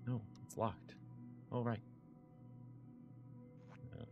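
A man's voice: medium pitch, very animated, measured pace, long pauses, a bit bright, soft background music. A young man commentating a horror game, joking, swearing and yelping when startled. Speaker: gaming video host. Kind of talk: let's play commentary.

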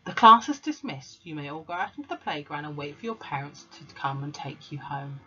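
A woman voicing a gentle young teacher who speaks firmly and steadily. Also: deep voice, a little fast, soft background music. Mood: kind. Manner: firm, unflinching, kind. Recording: dull lo-fi recording.

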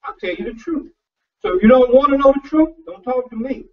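A man's voice: very high-pitched, brisk. A male pastor preaching in a loose, conversational way, often repeating words and restarting his sentences in a folksy, personal tone. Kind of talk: conversational sermon. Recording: distant, dull lo-fi sound.

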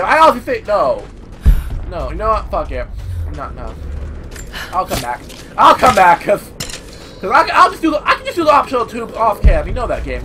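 A man giving profane, frustrated commentary while playing a game. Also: on the high side. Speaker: gaming channel host. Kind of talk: gameplay commentary. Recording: game music behind the voice.

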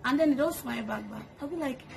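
A woman's voice: sits high, quick pace, creaky. A woman chatting to camera at home, answering get-to-know-me questions and laughing often. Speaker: vlogger. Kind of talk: casual get-to-know-me chat. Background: kids making noise.

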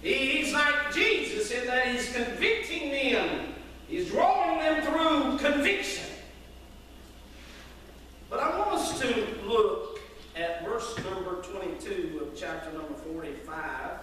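A man's voice: very high voice, animated, slow, bright, forceful tone, a little hiss or hum. A man, preaching a sermon with folksy storytelling. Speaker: pastor. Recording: echoey hall from far off.

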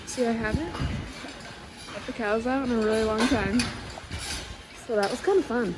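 A woman's voice: on the high side, normal speed. A young woman on a farm, out of breath and flustered, coaxing loose cows and talking to herself while she films. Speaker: farm vlogger. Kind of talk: casual vlog narration while herding cows. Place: outdoors on a farm, among cows. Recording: noisy outdoor farm recording.

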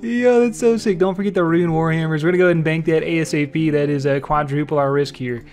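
A young man giving live gameplay commentary, excitable and trash-talking, swinging between low mutters and loud shouts. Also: fast talker, soft background music. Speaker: streamer playing an online game.

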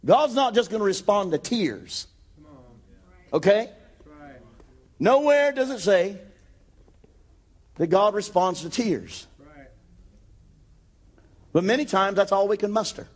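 A man preaching a sermon with rising passion, acting out Bible scenes and building to shouted declarations. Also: high-pitched, expressive, slow, pauses often. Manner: acts out Bible scenes in quoted voices.

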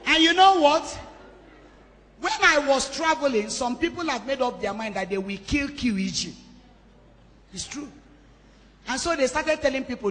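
A woman pastor, telling a personal story in a sermon with emphatic, changing loudness. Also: high-pitched, lively intonation, normal speed, pauses often. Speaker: pastor hosting a women's conference. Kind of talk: sermon testimony. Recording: long hall reverb.

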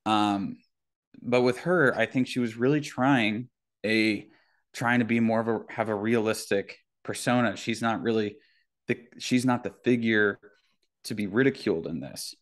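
A young man from North Florida talking in a casual podcast conversation, halting, with many filler words. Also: fairly low pitch. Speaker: podcast guest or host.

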